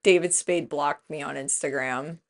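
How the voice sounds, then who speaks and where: A woman in her thirties co-hosting a podcast in casual chat, chatty and expressive. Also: low voice, normal speed. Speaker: podcast co-host.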